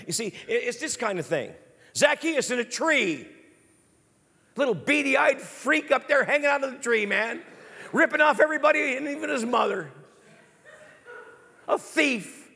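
A man preaching an animated sermon, telling stories in a lively, casual way. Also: fairly high pitch, husky. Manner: lively, storytelling, casual slang. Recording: long hall reverb.

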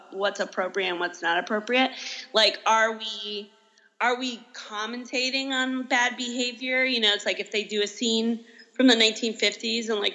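A woman, an improv teacher, chatting casually as a guest in an interview, rambling with lots of "like" fillers and quick self-corrections. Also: on the high side, bright, forceful tone, rough recording. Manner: rambling, heavy use of "like" as a filler.

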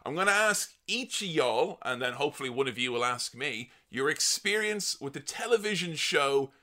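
A man's voice: a little high, expressive, moderate pace, bright, forceful tone. A man hosting a casual podcast, playful and jokey, with theatrical introductions for his co-hosts. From Ireland. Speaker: podcast host.

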